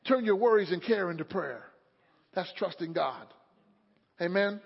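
High-voiced man preaching in an echoing hall. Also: a little slow, creaky, long pauses, husky. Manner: calm storytelling building to loud fervent preaching. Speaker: pastor. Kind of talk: sermon. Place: church sanctuary. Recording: muffled sound in a reverberant hall.

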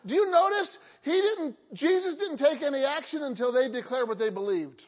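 A woman's voice: sits high, animated, normal speed, few pauses. A woman preaching a sermon, quizzing the congregation with questions and dropping joking asides. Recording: dull lo-fi hall recording.

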